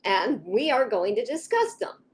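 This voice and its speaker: A woman with a somewhat higher voice hosts a casual live stream from her home office. She chats to viewers in a rambling, friendly way, restarting sentences and slipping into little acted-out inner thoughts. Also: very animated, a little slow. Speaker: home organizing coach hosting a live stream. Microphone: webcam or phone in a home office.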